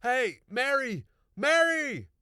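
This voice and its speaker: A man voicing a flustered, excitable middle-aged neighbor who yells in a strained high voice for an audiobook. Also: extremely slow, smooth, no room sound, studio quality. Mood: frantic. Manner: shouting, frantic, high-pitched.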